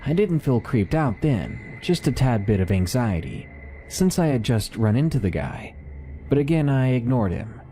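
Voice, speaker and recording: A man giving scripted narration of submitted horror stories, with lively, dramatic storytelling. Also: medium pitch, moderate pace, soft background music.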